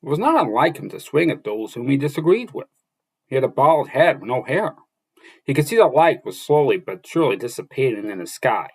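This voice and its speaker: A man reading a fantasy novel aloud as narrator, halting now and then with restarts and slips. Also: medium pitch, breathy edge, poor audio.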